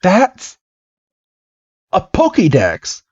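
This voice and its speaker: A man voicing an excitable, rash boy Pokémon trainer with high, yelping outbursts. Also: extremely slow, husky, dry recording, full character voice. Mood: excited, indignant. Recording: dull lo-fi podcast mic.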